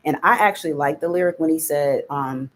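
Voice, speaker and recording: A live stream host giving relaxed, chatty reaction commentary on played clips. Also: medium pitch, brisk, a little hiss or hum.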